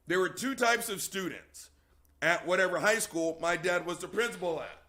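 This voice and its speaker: High, bright-voiced man telling a story. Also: normal speed. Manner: profane, emphatic, addresses audience as "gang". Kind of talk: emphatic storytelling.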